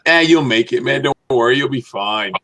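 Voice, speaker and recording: A man's voice: mid-range voice, normal speed, a crowd in the background. A male co-host of a car chat show. He asks long, meandering questions, restarting and repeating words before he gets to the point. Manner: repetitive, stumbling questions. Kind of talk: casual live show chat.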